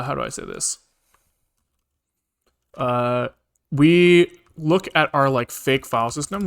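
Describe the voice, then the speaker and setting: A man at a middle pitch talks through his code on a live stream in a loose, rambling way. He thinks aloud as he goes and leans on filler words. The pace is everyday conversation. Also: fairly bright tone. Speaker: programmer streaming his coding work. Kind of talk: casual live-coding explanation.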